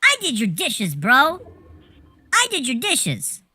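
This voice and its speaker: A woman putting on an indignant adult man who protests and repeats his denials in a higher voice. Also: wildly swooping pitch, fast, bright, forceful tone, no room sound, exaggerated voice. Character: defensive indignant adult man denying a theft.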